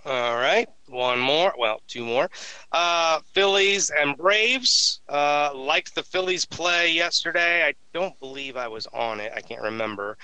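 A man co-hosting a sports betting podcast, giving his picks in relaxed casual chat. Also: fairly high pitch, measured pace, smooth, dry recording, low-quality recording.

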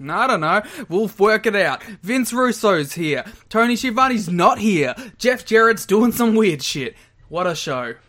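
Male co-host, fairly high, bright and forceful, mock-outraged casual banter. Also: lively intonation, unhurried. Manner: mock-indignant, jokey. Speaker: podcast co-host. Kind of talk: casual chat.

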